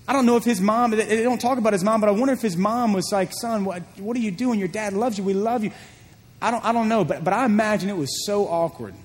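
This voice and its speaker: A man with a high voice preaches a sermon in a church, retelling a story with animated energy and frequent repetitions. His voice rings out with a long hall reverb behind it. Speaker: pastor.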